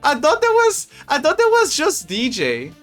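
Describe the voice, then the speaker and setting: A man streaming, chatting casually in a rambling, animated way with frequent restarts and laughs. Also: very high-pitched, normal speed. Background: faint music.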